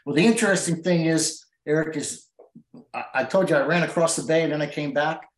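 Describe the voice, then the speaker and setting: A man's voice: on the high side, a little fast, faint music behind. A middle-aged man, a tournament angler, telling a long emotional story with many fillers and restarts in an interview. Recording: roomy echo.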